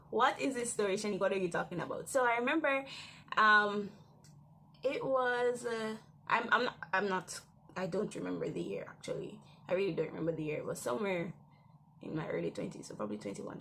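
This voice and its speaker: A young woman hosting a daily devotional, telling a personal testimony in a conversational, rambling way with restarts and soft laughs. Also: medium pitch, slight background noise. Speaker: devotional host.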